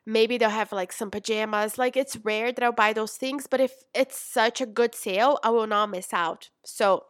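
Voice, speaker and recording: Give me a young woman chatting away like a coach, bright higher voice, dry close recording. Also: no echo. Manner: chatty, animated, calls listener mama and sis. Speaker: business coach. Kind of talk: casual coaching talk.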